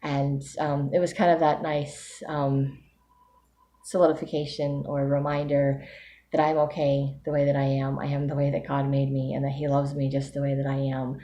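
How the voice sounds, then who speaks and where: Low-voiced woman's candid video diary. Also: level tone, moderate pace, warm tone, slight background noise. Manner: candid, self-reflective, thinking aloud. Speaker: vlogger giving a weekly update. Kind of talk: casual spoken video diary.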